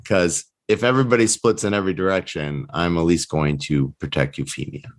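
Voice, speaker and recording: A man playing a tabletop game, deliberate and wry. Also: deep voice, steady tone. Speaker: player.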